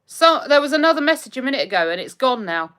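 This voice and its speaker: A woman's voice: sits high, sing-song, quick pace, fairly bright tone. Chatty English woman hosting a livestream. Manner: chatty, laughs often, calls viewers "my darling". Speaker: livestream host. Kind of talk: casual livestream chat reading comments.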